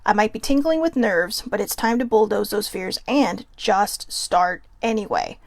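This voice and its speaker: A woman with a Californian accent hosting a casual solo talk, reading cards aloud and chatting quickly, with frequent self-interruptions and an admitted nervousness. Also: mid-range voice, dry recording. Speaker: host. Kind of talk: casual musing while reading oracle cards.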